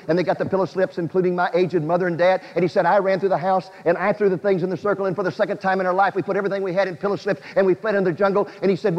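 A man preaching a sermon and retelling a testimony with earnest emotional swells. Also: high voice. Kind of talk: sermon storytelling. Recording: dull lo-fi audio in a reverberant hall.

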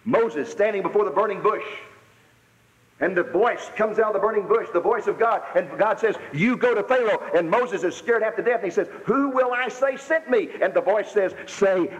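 Male preacher, high and emphatic, sermon style, muffled hall recording. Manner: emphatic preaching, rereads verses slowly for stress. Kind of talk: sermon reading scripture.

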